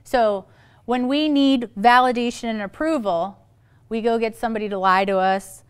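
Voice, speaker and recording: Woman, middle-aged, psychologist talk, playful asides, slightly high pitch. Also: steady tone, clear, resonant tone. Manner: playful, quick asides, acts out quoted voices. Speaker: psychologist speaking on parenting. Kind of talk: lively talk to a live audience.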